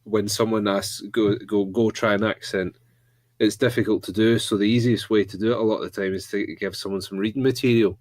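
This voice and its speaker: A man's voice: fairly low pitch, steady tone, fairly quick, darkish tone, no room sound. A man co-hosting a casual podcast chat, telling rambling anecdotes. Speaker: podcast co-host.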